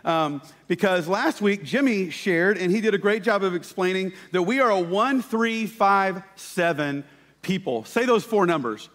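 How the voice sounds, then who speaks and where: A man preaching a sermon, telling stories with lively shouted quotes. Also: high voice, unhurried. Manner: animated storytelling with shouted quotes. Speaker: pastor. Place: church sanctuary. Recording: church hall reverb.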